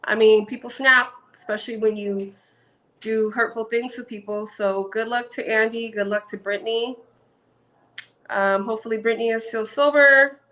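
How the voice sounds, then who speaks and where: A woman's voice: fairly high pitch, steady tone, moderate pace, pushed and bright, poor audio. A woman casually recapping a reality show for her channel, chatty and gossipy with frequent ums.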